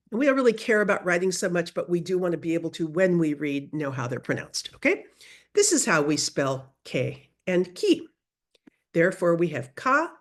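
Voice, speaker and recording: A middle-aged woman teaching a beginner Spanish class over a video call, modeling sounds slowly for students to repeat. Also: lowish voice. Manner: lively, drawn-out modeling of sounds for repetition. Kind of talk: online class instruction.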